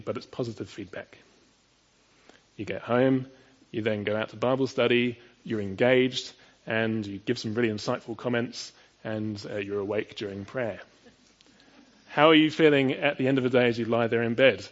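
A man's voice: lowish voice, normal speed, dull audio. A man preaching a sermon, earnest and full of rhetorical questions, building to emphatic peaks.

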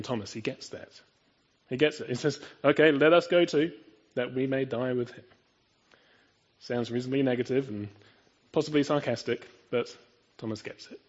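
A man's voice: on the low side, a little mellow, breathy edge, lo-fi sound. A man preaching a sermon in an earnest, emphatic way, often asking his listeners rhetorical questions.

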